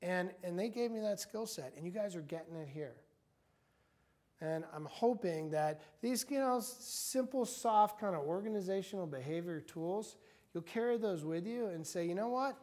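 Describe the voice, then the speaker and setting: A middle-aged man giving an energetic motivational talk to a university group, acting out quotes as he goes. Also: sits high, moderate pace. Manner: energetic, animated, acts out quotes. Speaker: guest speaker. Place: university meeting room.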